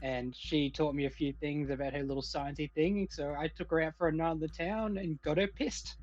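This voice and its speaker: A man playing a tabletop game, speaking in a hesitant, relaxed way. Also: on the high side, brisk. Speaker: player. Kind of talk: casual tabletop play. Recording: dull lo-fi mic.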